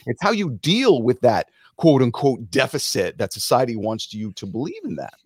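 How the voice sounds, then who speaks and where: A man's voice: mid-range voice, moderate pace, husky, no room sound. Middle-aged guy, motivational guest talk, voice jumps all over, dry close mic. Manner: animated, preachy, acts out quotes in other voices. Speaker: podcast guest, musician.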